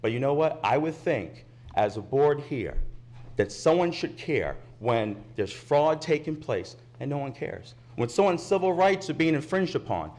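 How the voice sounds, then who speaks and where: A man's voice: fairly high pitch, sing-song, a little slow, a little mellow. Indignant man at a public podium. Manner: indignant, insistent, repeats his points. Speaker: resident speaking at public comment. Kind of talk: impassioned public comment. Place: county commission meeting chamber.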